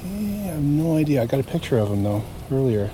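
Fast and fairly high-pitched, this man's warm voice swings widely in pitch as he chats his way through a marsh. The nature walk vlogger is recorded outdoors on the move with slight background noise, rambling casually and chuckling at his own tales.

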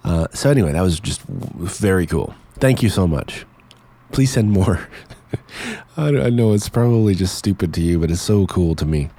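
Chatty Canadian man hosting a podcast, low voice. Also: lively intonation, normal speed, warm tone. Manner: chatty, laughing easily, enthusiastic. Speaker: podcast host. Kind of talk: casual podcast chat.

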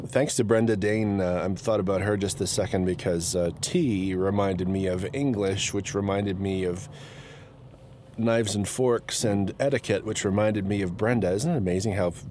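A blogger with a low voice and fairly even intonation chats casually at a moderate pace in a rambling vlog. He's talkative and keeps cutting himself off mid-thought to start again, with loud road noise in the recording.

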